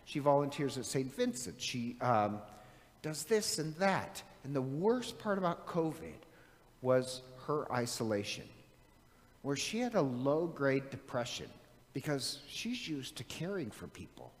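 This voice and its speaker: Lively middle-aged priest in a reverberant church. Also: male voice, mid-range voice, measured pace. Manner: animated, chatty, asks the listeners questions. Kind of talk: conversational sermon. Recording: long reverb of a large hall.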